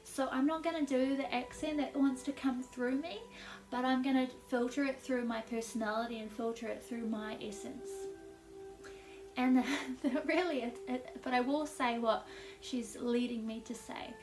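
This tarot reader's voice sits high and stays steady at a moderate pace while music plays behind her. Chatty and quick to laugh, she gives a casual intuitive reading peppered with "like," captured on a distant mic in a room full of echo.

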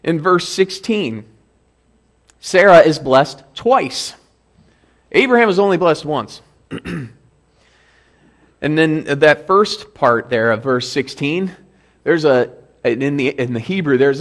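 A man's voice: on the high side, animated, slow pace, pauses often. Man preaching a conversational sermon. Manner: conversational explaining, reads scripture aloud with emphasis. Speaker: pastor. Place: church.

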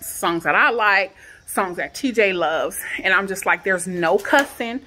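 An upset woman in her thirties recounts a story straight to her viewers. She talks fast and with feeling, her pitch sitting mid-range, and she builds to emotional, near-shouted questions. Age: 30s. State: shaken. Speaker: vlogger. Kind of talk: emotional personal vlog. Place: her home garage.

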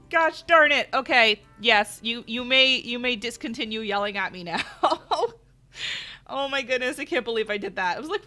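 A woman's voice: high-pitched, bright, forceful tone. A middle-aged woman giving chatty let's play commentary, talking to her viewers and exclaiming at the game. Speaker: gaming channel host. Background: faint game music.

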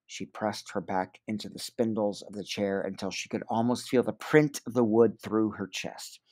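A man's voice: fairly low pitch, normal speed. A man reading a novel aloud in storybook narration. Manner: expressive, varied delivery. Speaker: audiobook reader.

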